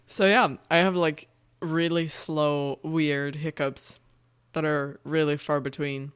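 Hiccuping, amused, laughing, slow unhurried talk, casual self-recording. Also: medium pitch, level tone, clean tone.

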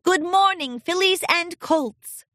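A bright, lilting pony princess with a sunny, warmly formal manner, as a woman puts her on for a storybook reading. Her voice sits high and swoops lively through each phrase. It is recorded close and dry. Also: unhurried, no echo, full character voice. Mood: cheerful. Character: gentle regal female pony princess teacher.

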